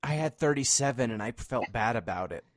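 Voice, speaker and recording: A man's voice: medium pitch, animated, a little fast, dry recording. A man co-hosting a casual podcast chat, explaining things at length with wry asides. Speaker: podcast co-host.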